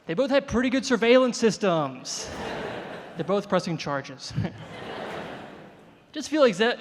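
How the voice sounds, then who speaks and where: A man doing a stand-up comedy set before a live audience, telling animated self-deprecating stories. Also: sits high. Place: live venue with audience, reverberant room. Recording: live venue with long reverb.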